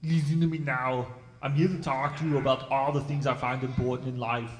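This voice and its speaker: A man doing a booming Austrian action-hero voice. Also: level tone, a little fast, natural voice. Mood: commanding. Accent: Austrian, put on. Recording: echoey laptop recording.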